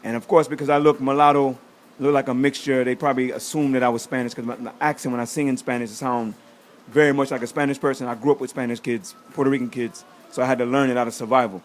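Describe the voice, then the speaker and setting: A man, a reggae artist, chatting as a studio guest and acting out quotes in animated stories. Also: medium pitch, fast talker, a little hiss or hum. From United States. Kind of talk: casual chat, storytelling.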